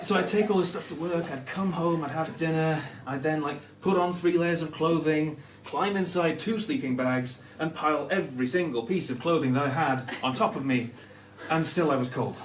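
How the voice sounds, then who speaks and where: A young man from Newcastle with a softened Northern English accent, telling a self-deprecating personal story to a live audience, often laughing as he talks. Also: a little high, moderate pace, few pauses, slight background noise. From Newcastle, North of England. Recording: echoey room, mic at a distance.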